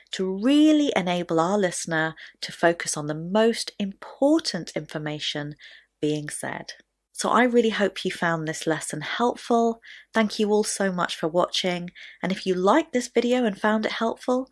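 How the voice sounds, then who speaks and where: A woman teaching a pronunciation lesson in a clear, deliberate way, stressing key words. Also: mid-range voice. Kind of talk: scripted lesson to camera.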